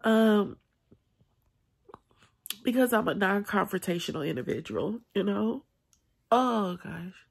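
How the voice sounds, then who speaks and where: A woman recording a late-night vlog on her phone, crying and halting, with sighs and long pauses. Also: mid-range voice, lively intonation, creaky, husky. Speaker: vlogger. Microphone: phone held in hand.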